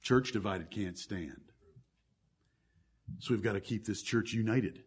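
A man's voice: lowish voice, measured pace, husky. A male pastor preaching a sermon to his congregation, reading scripture aloud and stressing key words.

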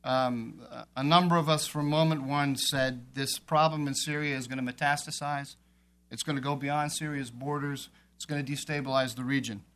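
A man's voice: medium pitch, fairly even intonation, normal speed, fairly bright tone. A man on a policy panel, arguing emphatically and repeating phrases as he builds his point.

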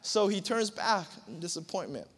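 A young man preaching a lively youth sermon, joking and acting out movie scenes with sudden shouts. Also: high-pitched, normal speed, slightly rough. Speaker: youth pastor. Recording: voice in a large reverberant hall.

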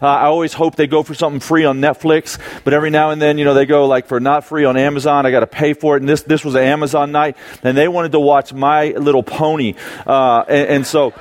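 A man's voice: a little high, flat delivery, quick pace. A man in his thirties, a young adult ministry pastor, giving a conversational sermon to a live audience, telling a family story and acting out quotes with frequent restarts. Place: church auditorium before a live audience.

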